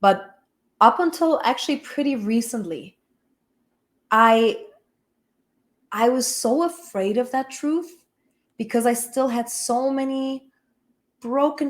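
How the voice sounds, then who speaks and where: A woman's voice: on the high side, takes it slowly, pauses often. A woman who teaches spiritual healing, telling a personal story in a frank, emphatic way with casual swearing. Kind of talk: candid personal talk.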